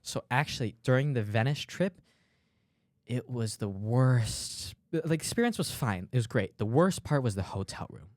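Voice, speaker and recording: A young man co-hosting a podcast, telling stories in an animated way and acting out the people in them. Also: medium pitch, normal speed, no room sound, clean studio sound. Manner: animated storyteller, acts out dialogue, fillers like "dude". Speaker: podcast co-host. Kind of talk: casual chat.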